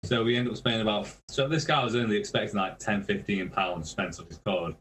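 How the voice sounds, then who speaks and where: A man's voice: fairly low pitch, steady tone, a little fast, a bit bright, slight background noise, low-quality recording. A man, a guest musician, telling tour stories casually, swearing a lot and laughing mid-sentence. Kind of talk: casual storytelling.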